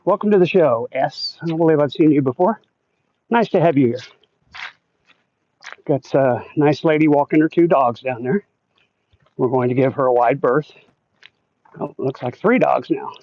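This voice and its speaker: A man's voice: a little high, normal speed, pauses often, slight background noise. A man hosting a casual livestream while walking outdoors through a neighborhood, chatting and reading viewer comments aloud. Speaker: livestream host. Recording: dull lo-fi sound, dry.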